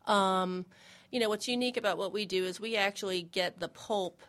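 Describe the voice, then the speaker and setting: A woman, a shop owner, chatting as a radio guest and eagerly explaining her products in quick lists. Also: mid-range voice, fairly bright tone. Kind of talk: radio interview chat.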